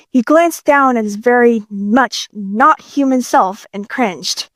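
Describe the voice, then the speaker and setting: A woman's voice: fairly high pitch, slow, hardly any pauses, no room sound. A woman reading a fanfiction audiobook in a casual, playful way, swearing freely. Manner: casual, profane, playful delivery. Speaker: audiobook narrator.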